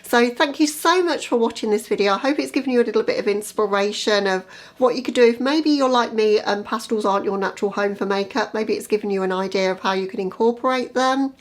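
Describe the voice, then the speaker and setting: A woman's voice: medium pitch, quick pace. A woman vlogger chatting casually through a makeup tutorial, often saying "as I say". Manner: chatty and conversational, repeats "as I say"; quiet, half-murmured commentary while applying makeup.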